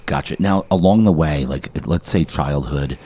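A man hosting a podcast interview, enthusiastic and full of quick affirmations. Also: a bass voice, dark tone. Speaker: podcast host. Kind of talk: casual interview.

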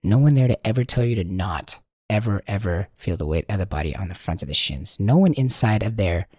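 A man's voice: fairly low pitch, animated, a little fast, darkish tone, husky, no room sound, studio quality. A man hosting a meditation podcast, playful and teasing, laughing often and slipping into voices. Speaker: podcast host.

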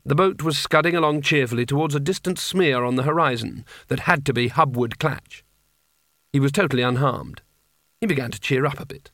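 Gravelly male audiobook narrator. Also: medium pitch, fairly quick, a bit bright, no echo, studio quality. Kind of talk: scripted narration.

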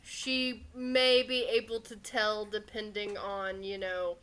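A woman's voice: mid-range voice, flat delivery, takes it slowly, fairly bright tone. A woman narrating as game master in a tabletop game, casual and hesitant with lots of fillers.

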